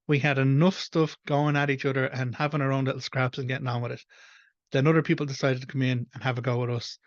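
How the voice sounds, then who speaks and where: A man's voice: medium pitch, level tone, quick pace, no echo, muffled recording. An Irish man hosting a reaction video, ranting bluntly and with frustration. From Ireland. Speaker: host. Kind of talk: reaction commentary.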